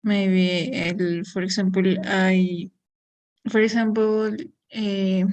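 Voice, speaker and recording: A woman student answering her teacher very slowly and hesitantly, filling her pauses with "uh" and "um". She speaks in a flat, even tone with little rise and fall. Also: medium pitch. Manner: hesitant, many fillers.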